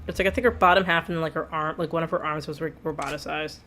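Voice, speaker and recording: A woman's voice: deep voice, fairly even intonation, quick pace, pushed and bright, faint music behind. A woman streamer rambling casually while playing a video game, laughing often as she talks. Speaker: let's play streamer. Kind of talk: casual gameplay commentary.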